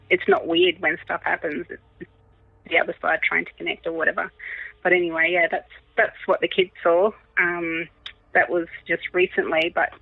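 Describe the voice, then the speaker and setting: A woman in her thirties, a podcast guest telling a personal story in an animated way, laughing often. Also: on the low side, vocal fry, dry recording. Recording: tinny phone-like line, dry.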